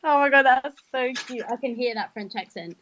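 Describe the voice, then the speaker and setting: A woman hosting a group audio chat, playful and quick to laugh. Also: fairly high pitch, a bit bright, slight background noise. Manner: giggly, playful, quick reactions. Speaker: host of the community chat. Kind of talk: casual chat.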